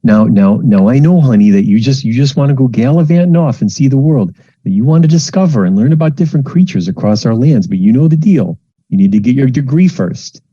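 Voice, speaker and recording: A man's voice: medium pitch, expressive, brisk, mellow, husky, dry recording, voice pushed up. A man voicing a doting, emotional middle-aged mother who stammers and clings. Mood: pleading. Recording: muffled lo-fi home recording.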